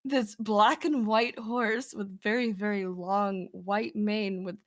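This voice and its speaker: A woman's voice: mid-range voice, fairly even intonation, slow. A woman player describing her character's actions in a tabletop game.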